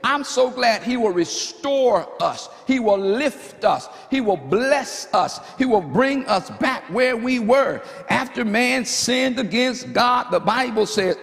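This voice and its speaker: A man's voice: very high voice, expressive, slow pace, vocal fry, hardly any pauses, a bit bright. A man preaching a sermon as pastor at a church service, fervent and full of repeated phrases. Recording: long hall reverb.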